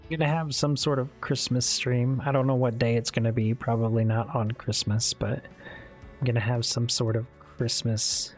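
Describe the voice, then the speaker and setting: A man's voice: medium pitch, flat delivery, moderate pace, faint music behind. A man streamer chatting casually with his viewers, rambling and candid, swearing now and then. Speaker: streamer talking with chat. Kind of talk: casual live-stream chat.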